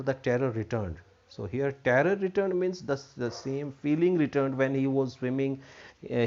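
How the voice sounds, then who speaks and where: A man's voice: medium pitch, a little mellow. A man teaching an English textbook lesson, repeating himself and defining words with many fillers. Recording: dull lo-fi recording.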